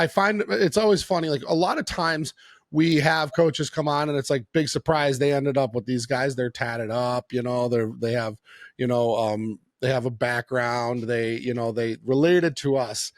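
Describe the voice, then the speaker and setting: A man hosting a podcast, introducing his guest in relaxed, chatty talk. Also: mid-range voice, dry recording. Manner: relaxed, chatty, lots of fillers. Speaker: podcast host. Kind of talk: casual podcast chat.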